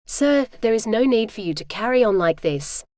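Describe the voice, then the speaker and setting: A man's voice: sits high, animated, moderate pace, darkish tone, no room sound. Synthetic female reader: oily polite scheming librarian, dry. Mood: smug polite. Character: smug scheming male librarian, falsely polite.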